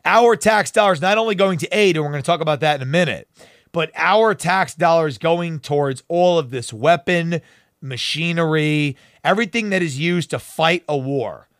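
A man's voice: fairly high pitch, moderate pace, a bit bright, dry recording, clean studio sound. A man hosting a talk show, delivering fiery, emphatic and sarcastic political commentary.

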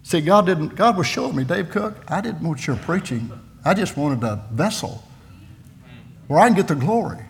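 A man in his sixties, a missionary preaching a folksy sermon in a church, telling personal stories and building to loud, fervent peaks. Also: on the high side, expressive, normal speed, gravelly. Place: church sanctuary.

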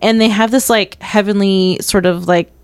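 A woman's voice: mid-range voice, steady tone, moderate pace, clean tone, no echo. A young woman co-hosting a podcast, chatting casually about a film and often saying "like". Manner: chatty, quotes scenes in little voices, lots of "like". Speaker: podcast co-host. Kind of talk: casual film review chat.

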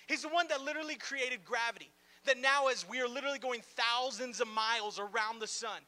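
A pastor's strikingly high, sharp and bright voice fills a large room as he delivers a sermon to a church gathering. His talk is loose and conversational, peppered with playful asides and "like" fillers, and he remains animated throughout.

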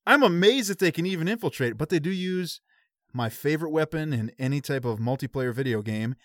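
A man's voice: fairly high pitch, expressive, brisk, a bit bright, no echo, studio quality. A man co-hosting a podcast, casually filling in movie plot details and asides. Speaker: podcast co-host. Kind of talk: casual movie recap chat.

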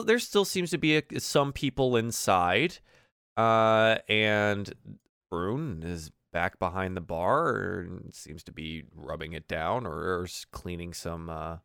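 A man narrating a tabletop role-playing game as game master, in a relaxed, chatty manner full of fillers. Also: low voice, takes it slowly, creaky, clear, resonant tone, no room sound, studio quality.

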